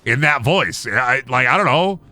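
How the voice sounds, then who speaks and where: A man's voice: mid-range voice, animated, moderate pace, sharp tone. A young man live-streaming a game, rambling goofily and joking as he plays. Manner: goofy, rambling, sings and jokes. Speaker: gaming streamer. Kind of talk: casual live-stream commentary.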